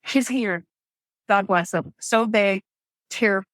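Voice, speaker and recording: A woman in her thirties telling her birth story as a podcast guest, lively and quick to act out what people said. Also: medium pitch, dry recording. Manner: animated storytelling, acts out quotes.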